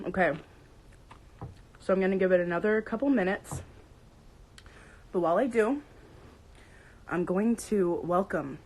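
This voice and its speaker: A woman's voice: medium pitch, unhurried, long pauses, rough recording. A young woman hosting a casual livestream, bubbly and playful, greeting viewers by name. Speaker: livestream host.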